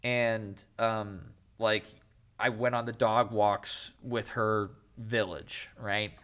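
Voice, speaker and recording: A young man, a filmmaker, chatting as a podcast guest, telling animated stories with laughs and acted-out voices. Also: on the low side, slow pace, smooth. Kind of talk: casual interview chat.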